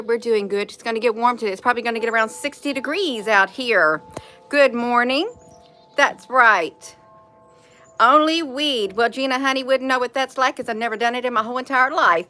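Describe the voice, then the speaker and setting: Folksy woman, livestream host, crisp bright voice, warmly coaxing chat. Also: fairly high pitch. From Indiana, USA. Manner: folksy, encouraging, addresses viewers as honey. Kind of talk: casual morning livestream chat.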